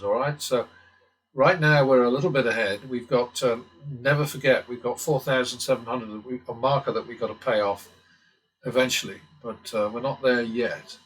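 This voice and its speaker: A man's voice: medium pitch, moderate pace, a bit bright, faint music behind, poor audio. Man muttering blackjack calculations. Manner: muttering calculations, occasional swearing, wry asides. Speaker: blackjack strategy channel host. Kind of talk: casual commentary while playing simulated blackjack.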